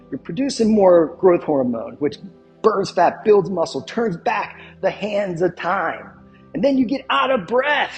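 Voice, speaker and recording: A man's voice: high-pitched, a little mellow. A male fitness coach giving an instructional talk, emphatic and fond of repeating his catchphrases and asking the viewer questions.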